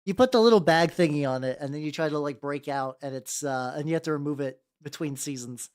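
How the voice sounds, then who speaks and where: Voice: medium pitch, expressive, brisk, hardly any pauses, a little mellow. A VTuber streamer chatting casually while painting miniatures, rambling and greeting viewers by name with casual swearing. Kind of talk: casual livestream chat.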